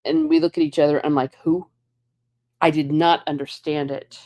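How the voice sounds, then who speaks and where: A jet-lagged woman hosting a casual livestream, telling a story in an excitable way and acting out her own reactions. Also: sits low, fairly quick. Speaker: livestream host.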